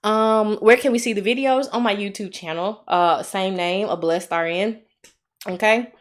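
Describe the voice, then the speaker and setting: A woman with an Alabama accent tutoring nursing students on a live stream, chatty and encouraging, slowing down to walk through each step. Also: mid-range voice. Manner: chatty, encouraging, reads viewer comments aloud; slow, deliberate when working steps.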